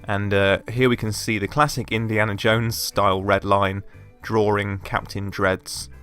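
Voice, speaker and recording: A man's voice: lowish voice, level tone, unhurried, fairly bright tone, clear, resonant tone, faint music behind. Chatty man commenting over gameplay. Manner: chatty, with many fillers. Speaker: let's play host. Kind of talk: casual game commentary.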